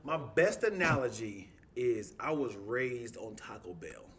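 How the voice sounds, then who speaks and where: A man's voice: mid-range voice, a little slow, slight background noise. A young adult man co-hosting a podcast, chatting casually and acting out the people in his stories. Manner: animated storytelling, acts out quoted friends. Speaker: podcast co-host. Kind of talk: casual chat.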